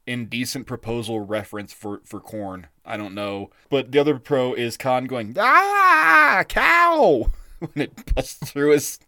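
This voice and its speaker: A man co-hosting a podcast in a rambling, casual chat style, full of fillers and quick laughs. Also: medium pitch, fairly even intonation, a little mellow, no room sound, clean studio sound. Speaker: podcast co-host.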